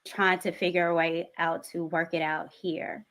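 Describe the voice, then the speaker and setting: A woman with a Southern US accent, a content creator speaking in a measured, earnest way on a panel discussion. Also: fairly low pitch, little pitch movement, a bit bright.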